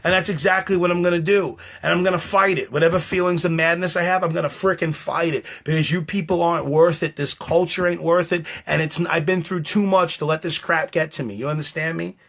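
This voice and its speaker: A man's voice: on the high side, steady tone, fairly quick, vocal fry, few pauses, a bit bright. A middle-aged man talking alone on a live stream, rambling and defensive, repeating himself and insisting he is not mad. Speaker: livestreamer.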